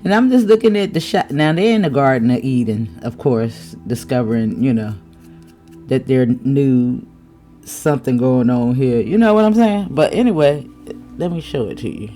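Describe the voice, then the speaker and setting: A woman giving a casual tarot reading, chatty, with laughing asides and drawn-out exclamations. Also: a bass voice, lively intonation, mellow, soft background music. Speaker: tarot reader.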